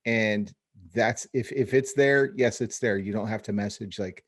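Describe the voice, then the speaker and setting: A man's voice: lowish voice, measured pace, fairly bright tone. A man hosting a casual podcast chat from the Phoenix area, talking in loose rambling bursts full of restarts and "dude". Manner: rambling, many restarts, says dude and bro. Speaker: podcast host. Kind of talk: casual chat over video call.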